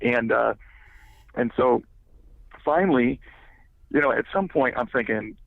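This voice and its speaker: A man recounts a personal story on a podcast, circling back on himself and filling gaps with stock phrases. His voice has a gravelly, creaky edge. It comes through a narrow, tinny, phone-like line with a dry sound. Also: mid-range voice, a little slow, no room sound. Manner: rambling, heavy with filler words. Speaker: guest.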